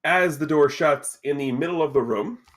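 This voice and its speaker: A man narrating a tabletop game as game master, setting scenes in a lively, casual way with asides. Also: fairly high pitch, normal speed.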